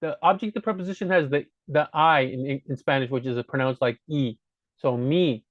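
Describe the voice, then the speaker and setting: A man's voice: fairly high pitch, no room sound. A man giving a casual spoken grammar lesson as a language teacher, patiently repeating his points to drive them home. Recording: dull, dry lo-fi recording.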